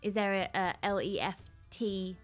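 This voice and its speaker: A woman's voice: medium pitch, moderate pace, faint music behind. A woman co-hosting a casual late-night chat with her husband, teasing him and laughing often. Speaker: co-host.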